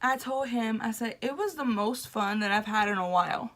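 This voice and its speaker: A woman's voice: on the high side, normal speed. A young woman vlogger casually recounting a story, laughing often and acting out the people she quotes. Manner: animated, laughing, acts out quoted voices.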